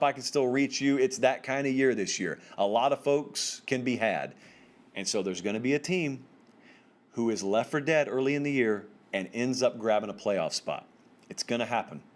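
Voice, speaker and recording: A male sports host of medium pitch delivers solo college football commentary. He speaks directly to his viewers, informal and emphatic, and his voice jumps up to stress key points. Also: expressive, normal speed.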